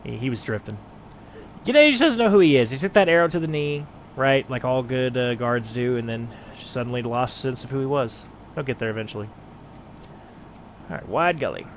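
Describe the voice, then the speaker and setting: A man's voice: medium pitch, animated, a little fast, slight background noise. Joking, profane male game streamer. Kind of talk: casual let's-play commentary.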